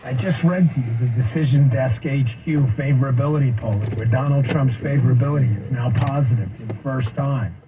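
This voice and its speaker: A man's voice: mid-range voice, a little fast, few pauses, muffled recording, noisy background. A man hosting a political talk show, mocking and sarcastic in his commentary.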